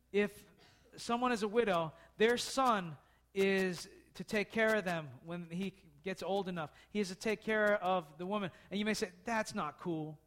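A man's voice: high voice, a bit bright. A man preaching a casual storytelling sermon, talking conversationally and asking the listeners questions.

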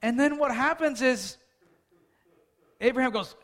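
Man, preacher, high voice, sermon, conversational, asks the audience questions. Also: a little slow, a bit bright.

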